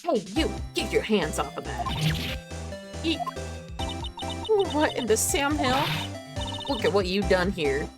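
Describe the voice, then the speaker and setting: A woman voicing a brash young country photographer with a put-on exaggerated Southern drawl, loud and blunt. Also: mid-range voice, big pitch swings, slow, long pauses. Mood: indignant. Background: game music.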